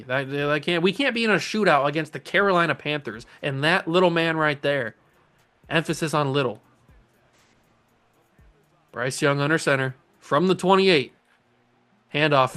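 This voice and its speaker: Man, young adult, gaming commentary, excitable, jokey, fairly high voice, faint music under. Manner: excitable, jokey, talks to players on screen. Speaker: gaming YouTuber host. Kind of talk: casual video game commentary.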